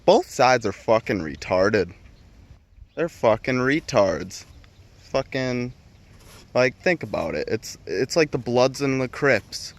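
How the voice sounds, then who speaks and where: A man's voice: medium pitch, sing-song, slow pace. Heated man ranting with constant swearing. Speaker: vlogger. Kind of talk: profane opinion rant.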